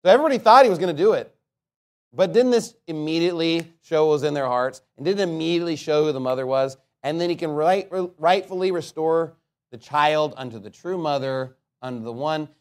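A male pastor delivering a sermon in a fairly high, animated voice. He alternates between steady scripture reading and lively, questioning commentary, often laughing at his own asides. His delivery is direct and conversational. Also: a little fast.

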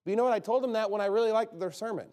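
A man preaches a sermon in a fairly high voice. He talks in a conversational, emphatic way and keeps asking rhetorical questions, then answers them firmly. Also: rapid-fire, a little mellow.

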